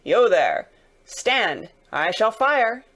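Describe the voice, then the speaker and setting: A woman voicing a gruff, suspicious male stagecoach guard who barks out commands. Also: medium pitch, very animated, fairly quick. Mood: barking. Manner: barking, shouting.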